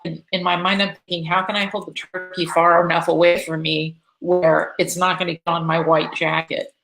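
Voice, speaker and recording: A woman from Florida chatting to camera, telling a personal story in a casual, animated way, with lots of fillers and restarts. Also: fairly low pitch, moderate pace, gravelly, low-quality recording. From Florida, USA. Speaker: vlogger.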